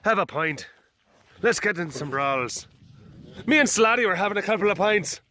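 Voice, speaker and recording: A man's voice: high-pitched, lively intonation, normal speed, pushed and bright, a little hiss or hum, voice pushed up. A man voicing a rowdy, pint-drinking Irish tough guy in a put-on Irish accent. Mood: boisterous.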